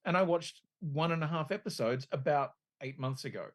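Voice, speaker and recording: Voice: mid-range voice, brisk. A podcast co-host chatting casually, rambling and swearing as they lose track. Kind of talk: casual chat.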